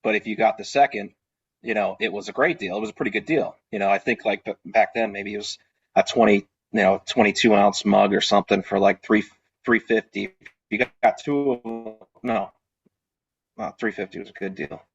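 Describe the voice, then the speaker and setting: A man with a slightly husky voice tells his stories in a loose, rambling way, full of fillers, restarts and asides. He sounds like a small business owner swapping tips on a video call. The sound is a little dull and muffled. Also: lowish voice, steady tone, a little fast. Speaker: party rental business owner. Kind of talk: casual storytelling on a video call.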